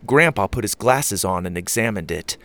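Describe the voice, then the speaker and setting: A man narrating a children's adventure story with an animated, expressive read. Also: on the low side, moderate pace, dry recording.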